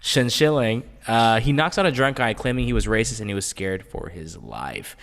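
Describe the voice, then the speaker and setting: A man's voice: fairly low pitch, animated, moderate pace, creaky, a bit bright, big-room sound, slight background noise. A man co-hosting a casual fight-sports chat show, joking around and leading the segments. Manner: joking, laughs often, leads segments. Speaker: podcast co-host.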